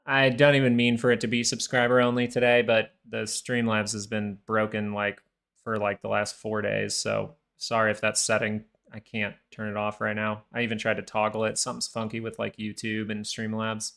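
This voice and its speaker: A man's voice: lowish voice, monotone, normal speed, creaky, a bit bright. A man hosting a live stock market stream, giving casual, rambling commentary full of restarts. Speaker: stock market livestream host.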